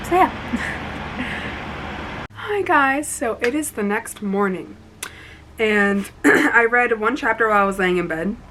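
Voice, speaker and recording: A woman's voice: fairly high pitch, unhurried, pauses often. A young woman chatting casually to her camera at home, full of "like" and "um", with a fan running in the room. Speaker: vlogger. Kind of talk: casual reading-update vlog. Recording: steady fan hum behind.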